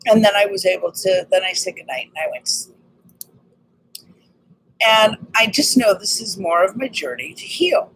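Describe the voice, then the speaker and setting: A woman with a slightly raspy voice talks excitedly and earnestly in a casual personal vlog about healing. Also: medium pitch, normal speed, pauses often, slight background noise, rough recording. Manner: earnest, excited, spiritual self-help talk. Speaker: vlogger.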